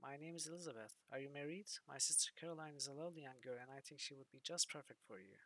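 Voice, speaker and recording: A man's voice: on the high side, fast, sharp tone, dry recording. A man putting on a gushing, nonstop-chatty middle-aged woman.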